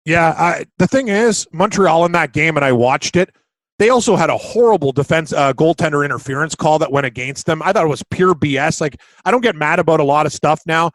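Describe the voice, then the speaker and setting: An excitable man co-hosts a sports betting podcast, loose and blunt, with casual swearing. His voice sits a little high. The sound is dry and close, with no room around it. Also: a little fast, dry recording, poor audio. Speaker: podcast co-host, betting analyst.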